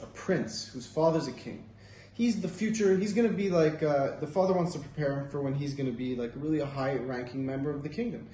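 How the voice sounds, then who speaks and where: This man, a Torah teacher, rambles casually through stories in an informal talk, leaning on many fillers. He has a mid-range, slightly mellow voice, and there's a little background noise in a roomy recording made with a distant mic and faint ambience.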